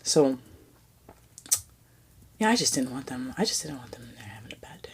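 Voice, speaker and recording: Low, gravelly woman half-whispering her story. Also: sing-song, a little hiss or hum. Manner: soft-spoken, often dropping to a breathy near-whisper; halting, full of fillers and restarts. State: tearful, emotional. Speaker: podcast host. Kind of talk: spiritual storytelling monologue.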